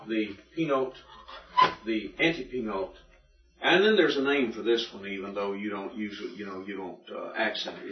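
Male teacher, patient drilling lecture, recorded from the back of an echoey room, muffled lo-fi sound. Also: lowish voice. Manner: patient, methodical, repeats and drills. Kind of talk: classroom lecture. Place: classroom. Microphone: room recording from a distance. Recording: distant echoey classroom recording, dull lo-fi.

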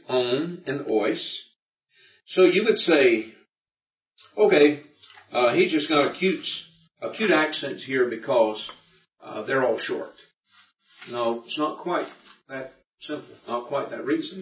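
A man's voice: mid-range voice, far from the mic. A man teaching a Greek grammar class, patiently explaining and checking that his students follow. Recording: dull roomy recording from afar.

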